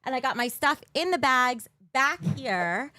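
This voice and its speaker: A high-pitched woman streams live from her bedroom on a desk mic, chatting and giggling with viewers. Her voice is dry and close, with no room echo at all. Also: expressive, unhurried, sharp tone. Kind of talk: casual live-stream chat.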